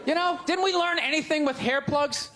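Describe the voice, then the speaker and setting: A man doing a stand-up comedy set on stage, ranting loudly and jabbing sarcastically at the audience. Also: extremely high pitch, moderate pace, a faint crowd, slight background noise.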